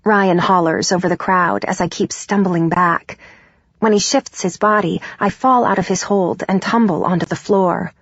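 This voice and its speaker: A woman narrating a first-person audiobook in a steady, even way. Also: mid-range voice, husky, dry recording. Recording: dull, dry studio recording.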